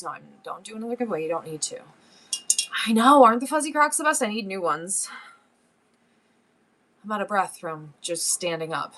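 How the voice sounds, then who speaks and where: A woman's voice: medium pitch, fairly bright tone. Chatty woman selling antiques on a livestream. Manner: chatty and rambling, laughs often. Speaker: live-stream seller. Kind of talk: casual live-stream selling chat.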